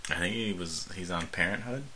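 Low, very bright-voiced joking man. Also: fairly quick, slight background noise. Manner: dark jokey, offhand. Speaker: podcast co-host. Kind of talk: casual comedic banter.

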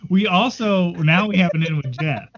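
A man co-hosting a podcast, making excitable jokes with the others. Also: high voice, moderate pace, highs cut off, a little hiss or hum. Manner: joking, excitable. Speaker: podcast co-host and editor. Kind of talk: casual podcast chat.

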